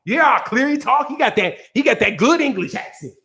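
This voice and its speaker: A man's voice: very high-pitched, animated, moderate pace, pushed and bright. A man hosting a boxing commentary channel, ranting in a heated, profane way, repeating himself and breaking into laughter.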